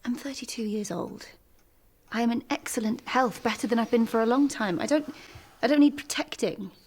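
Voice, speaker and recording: An actress playing an anxious, hurt young wife in a period TV drama. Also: female voice, on the high side, normal speed, darkish tone, slight background noise, lightly acted. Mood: quietly resolute.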